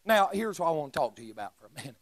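A man preaching a sermon in a church, shouting emphatic lines and dropping into joking asides. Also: on the high side, very animated, very fast, no echo. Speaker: pastor. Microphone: live stream mic.

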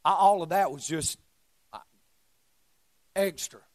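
A man preaching a sermon in a church, shouting emphatic lines and dropping into joking asides. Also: high voice, slow pace, no room sound. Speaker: pastor. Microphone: live stream mic.

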